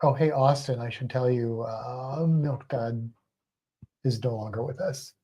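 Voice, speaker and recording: A man's voice: medium pitch, a little slow, dark tone, lo-fi sound. A man co-hosting a livestream in casual chat. He rambles, hesitates often and laughs a lot. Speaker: livestream co-host.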